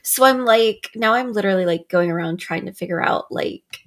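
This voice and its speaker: A woman hosting a casual film podcast, talking in an animated way with sarcastic asides and frequent laughter. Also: medium pitch, a little fast. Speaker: podcast host. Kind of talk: casual film review chat.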